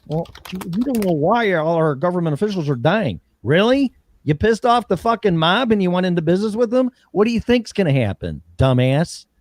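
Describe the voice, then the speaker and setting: A man's voice: high voice, very animated, fairly quick, no echo. Man ranting heatedly on a talk show. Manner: heated, profane ranting with mocking voices. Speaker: show host.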